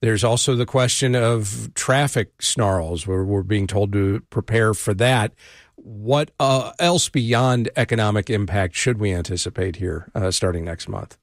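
Dry, low-voiced radio talk host. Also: male voice, dry recording. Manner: measured, with frequent "uh" hesitations. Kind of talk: public radio interview.

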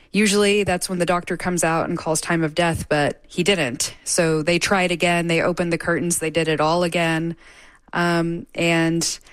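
Female field reporter, low-pitched, measured, dry close mic. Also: no echo. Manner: measured, with frequent fillers. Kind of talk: live news interview.

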